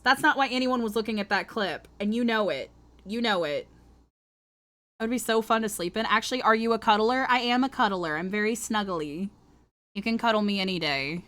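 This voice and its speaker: A woman's voice: on the high side, fairly bright tone. A woman streamer chatting casually with her viewers while she draws, playful, flirty and crude. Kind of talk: casual livestream chat while drawing.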